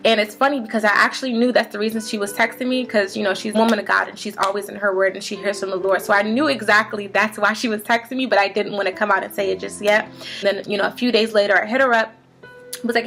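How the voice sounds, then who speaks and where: A woman's voice: mid-range voice, level tone, quick pace, gravelly, a bit bright, faint music behind. Chatty young woman telling a testimony. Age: 20s. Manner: chatty, many fillers like "um" and "like". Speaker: vlogger sharing a faith testimony. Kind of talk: casual testimony storytelling.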